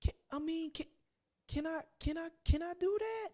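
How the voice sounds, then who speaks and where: A man's voice: normal speed, a little mellow. A man putting on the voice of a grown man-child who stammers as he begs his mama for permission. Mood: pleading. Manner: whiny, stammering, high-pitched.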